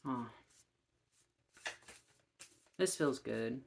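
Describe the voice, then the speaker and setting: A tarot reader giving a casual reading to camera, speaking slowly and gently with many ums, encouraging and easily moved to laughter. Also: mid-range voice, animated, gravelly, slight background noise. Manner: slow and gentle with frequent ums, warmly encouraging; gushing and easily emotional, often laughing.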